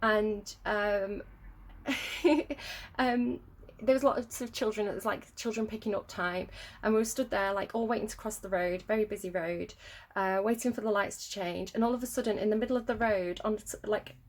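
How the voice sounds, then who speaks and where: A woman's voice: mid-range voice, fairly even intonation, moderate pace. An English woman giving a tarot reading, telling her story in a casual, rambling way with many fillers and little laughs. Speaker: tarot reader.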